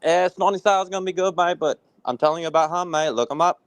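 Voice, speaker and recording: A man's voice: a little high, fast talker. A man calling into a sports show, blunt and profane. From Australia. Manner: blunt, profane, says mate constantly. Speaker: caller.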